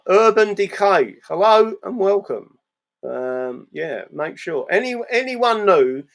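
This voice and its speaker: A creaky, high-sitting voice belongs to an English channel host doing a casual monologue on a live stream while reading the chat. He's blunt, he swears, and he keeps capping sentences with "right?".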